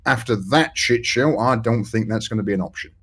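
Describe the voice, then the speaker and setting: A man's voice: mid-range voice, a little fast, a bit bright, husky. A man playing a tabletop role-playing game, rambling and swearing as he plans with the group. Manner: rambling, swears often, lots of fillers. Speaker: player. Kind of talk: casual tabletop play chat.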